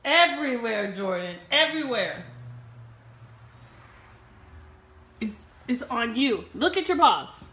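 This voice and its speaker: A woman's voice: on the high side, sing-song, normal speed, fairly bright tone, roomy sound. A woman scolding her dog in exasperated, laughing disbelief over a mess it made.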